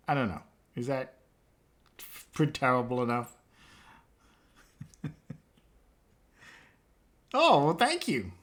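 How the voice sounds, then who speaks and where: A man's voice: mid-range voice, wildly swooping pitch, slow pace, long pauses, fairly bright tone. A man, chatting casually with live chat viewers while he works, joking around and laughing often. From England. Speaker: live streamer.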